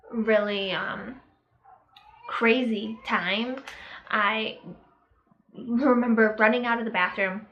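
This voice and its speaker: A young woman telling a personal story to camera in a casual vlog, halting and reflective, with many fillers and pauses. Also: mid-range voice, bright, forceful tone, a little hiss or hum, low-quality recording. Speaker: vlogger.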